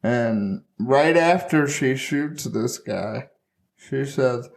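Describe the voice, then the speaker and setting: Podcast co-host, male, unhurried delivery, deadpan sarcasm. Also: mid-range voice, gravelly. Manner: dry, sarcastic jokes. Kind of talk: casual chat.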